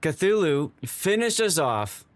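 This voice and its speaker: A man's voice: on the high side, big pitch swings, slow pace, no room sound. Emotional male streamer, dry close sound. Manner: emotional, stammering, repeats himself. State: tearing up. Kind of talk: excited live-stream chat.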